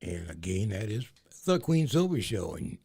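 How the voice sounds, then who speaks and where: A man co-hosting a talk show, laid-back and low-key, giving short remarks and directions to the audience. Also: big pitch swings, moderate pace, creaky, warm tone, husky. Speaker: co-host.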